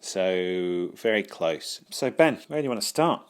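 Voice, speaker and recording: A man's voice: sits low, unhurried, clean tone. A man co-hosting a podcast, chatting easily about films and retelling favorite scenes. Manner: relaxed, conversational, laughs while retelling scenes. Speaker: podcast co-host. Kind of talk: casual film review chat.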